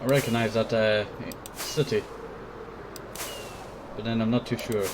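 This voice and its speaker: A man's voice: lowish voice, level tone, normal speed, pauses often, background noise. A sick man with a cough, rambling casually while commenting on his own gameplay. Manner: rambling, keeps saying "I tell you". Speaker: gameplay video host.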